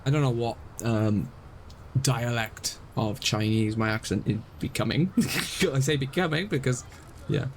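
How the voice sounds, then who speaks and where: A young man chatting through a live game stream. His voice sits at a middle pitch, and he rambles, circling back to explain himself self-consciously. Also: measured pace, slight background noise, poor audio.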